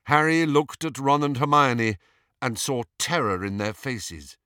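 A man's voice: mid-range voice, expressive, a little slow, bright, forceful tone, smooth, no echo. Dramatic male storybook narrator, dry. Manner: dramatic, suspenseful reading. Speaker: audiobook narrator.

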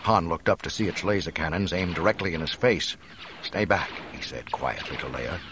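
A middle-aged man narrating a dramatic audiobook with an expressive, varied delivery. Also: low voice, brisk, noisy background.

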